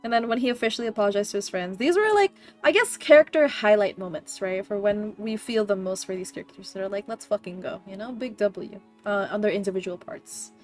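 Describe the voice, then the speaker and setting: A woman streamer hosting a book club, chatting casually, excitable and swearing freely. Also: medium pitch, brisk, hardly any pauses, faint music behind. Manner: excitable, swears a lot, loud laughing outbursts. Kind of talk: casual chat.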